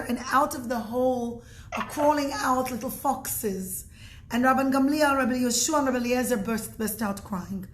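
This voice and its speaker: A woman's voice: high-pitched, a little hiss or hum. A woman giving an informal religious talk, telling stories earnestly and often restarting and correcting herself. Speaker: religious teacher.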